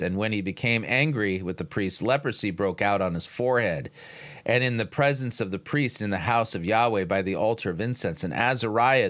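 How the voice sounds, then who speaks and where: Man reading scripture aloud, bright tone. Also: lowish voice. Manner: sarcastic, incredulous interjections. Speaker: podcast host critiquing a sermon.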